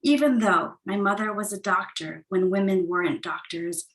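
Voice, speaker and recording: A woman from the United States reads her own poetry in a soft, measured way, with the sound of a video call. Her pitch sits in the middle range. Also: poor audio. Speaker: poet. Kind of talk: poetry reading.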